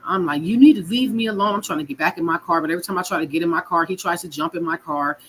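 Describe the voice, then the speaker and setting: A woman's voice: low-pitched, fairly even intonation, racing, pushed and bright, a little hiss or hum, rough recording. A woman from California telling her own story in a raw, frank, emotional way, swearing and repeating her words. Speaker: guest sharing her story. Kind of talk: personal storytelling.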